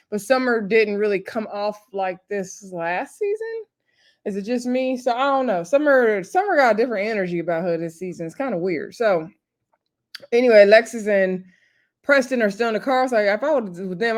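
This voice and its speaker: A tired woman hosting her own channel, recapping a reality show in a casual, chatty way with lots of "y'all" and quick laughs. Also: mid-range voice. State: tired, up late. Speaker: YouTube host recapping reality TV.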